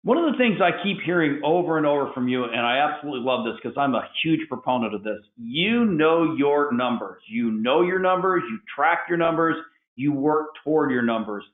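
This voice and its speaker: A man's voice: mid-range voice, animated, quick pace. A man hosting a webinar who asks questions with enthusiasm and often repeats words as he rephrases. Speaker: webinar host. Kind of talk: interview questions. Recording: tinny phone-like echoey audio.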